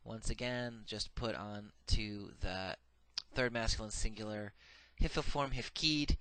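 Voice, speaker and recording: A man teaching a recorded grammar lesson, reciting verb paradigms slowly and methodically with frequent filler sounds. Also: on the low side, sharp tone, clear, resonant tone, no room sound, low-quality recording. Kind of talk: recorded lecture.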